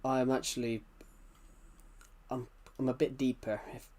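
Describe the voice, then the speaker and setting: A man's voice: medium pitch, little pitch movement, measured pace, darkish tone. A man with a British accent, chatting casually on a live game stream, rambling and answering chat messages with frequent restarts. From United Kingdom.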